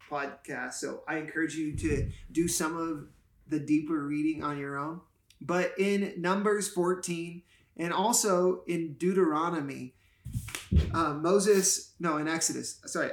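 A man, a pastor and podcast co-host, explaining Bible passages in a casual, playful and enthusiastic way. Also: on the high side. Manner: playful, enthusiastic teacher who jokes and explains. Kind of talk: casual Bible teaching chat. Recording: roomy echo.

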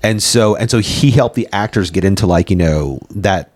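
A man's voice: lowish voice, normal speed, a little mellow. A man in a casual podcast chat about movies, rambling through stories with lots of fillers, frequent swearing and laughter. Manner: laughs often while retelling scenes.

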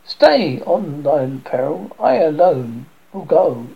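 A cold, dismissive young man, as a man reads him aloud. The voice is gravelly and slightly husky, paced slowly. The recording is dull and lo-fi. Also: a little high, sing-song, exaggerated voice. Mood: scornful.

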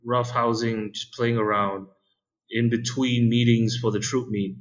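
A man at an ordinary middle pitch tells a crude, jokey story in relaxed podcast chat. He slips into the voices of the people in his tale as he goes. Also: measured pace, lo-fi sound. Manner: crude, jokey, acts out quotes. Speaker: podcast co-host.

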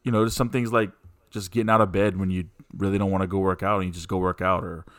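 A man's voice: deep voice, level tone, fast, a bit bright, no room sound. A man hosting a casual podcast, talking in an easygoing, rambling way with lots of fillers. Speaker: podcast host.

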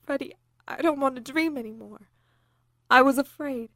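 An anxious young wife. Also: female voice, high-pitched, normal speed, fairly bright tone, no room sound, clean studio sound. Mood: distressed. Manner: earnest, rising to panic. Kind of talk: radio drama with narration.

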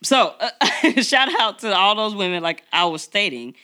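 A woman's voice: mid-range voice, lively intonation, normal speed, sharp tone. A woman co-hosting a podcast in casual, emphatic chat, laughing often. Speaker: podcast co-host.

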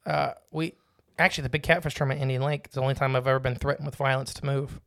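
A man telling a fishing anecdote in a halting, casual way, stopping and restarting as he goes. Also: mid-range voice, little pitch movement, creaky, fairly bright tone, clean tone. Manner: loose, halting storytelling with restarts. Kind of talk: casual chat.

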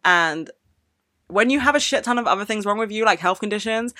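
Young woman, solo podcast host, frank and sweary, bright tense voice, dry close recording. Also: mid-range voice, normal speed, dry recording. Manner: blunt, frank, heavy swearing; expressive, laughs often. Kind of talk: casual solo podcast chat.

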